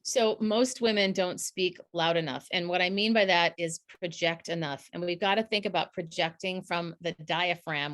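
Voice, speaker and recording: A middle-aged woman, a communications coach, talking casually in a podcast interview and acting out little quotes as she explains. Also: fairly low pitch. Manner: animated, acts out quotes with laughs.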